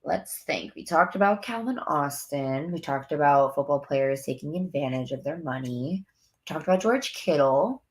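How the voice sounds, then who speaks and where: A woman's voice: sits low, lively intonation, normal speed. A young woman hosting a casual sports live stream from home, bubbly and chatty, talking straight to her viewers. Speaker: sports podcast host. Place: home room near window.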